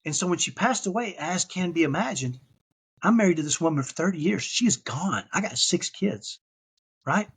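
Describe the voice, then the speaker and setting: Husky earnest man telling his story. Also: sits high, animated, moderate pace. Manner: earnest, tags points with "right?". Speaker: podcast guest.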